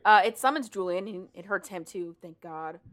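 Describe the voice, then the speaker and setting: A woman's voice: fairly low pitch, normal speed, fairly bright tone. Woman rambling through a plot recap. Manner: rambling, breathless plot retelling with casual swearing. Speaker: podcast co-host. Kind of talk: casual book recap chat.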